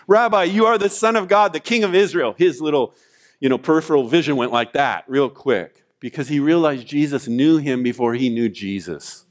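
A man preaching a sermon as pastor, retelling scripture and a personal story with animated storytelling. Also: medium pitch, measured pace. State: weeping, choked voice in retold prayer.

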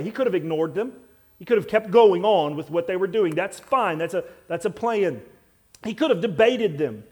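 A man preaching a sermon to a congregation. He swings between loud, emphatic passages and quiet, intense ones, with wry asides to the listeners. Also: high-pitched. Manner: self-deprecating asides to the congregation. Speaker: pastor.

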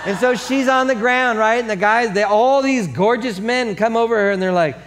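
A man preaching a sermon as pastor, telling a story with lively acted-out voices, then turning quiet and earnest. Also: very high voice, normal speed. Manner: animated storytelling, acts out voices; drops to soft earnest tone for the appeal.

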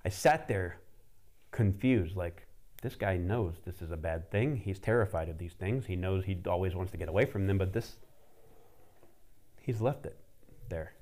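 A man preaching, telling a story in a casual, animated way with lots of fillers. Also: sits low. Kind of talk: sermon storytelling.

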